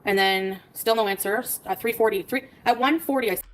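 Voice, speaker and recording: A woman talking quickly on a casual livestream. She tells a long story and reads out a string of text messages along the way. Her voice sits at an ordinary middle pitch and keeps up a brisk pace. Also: rough recording.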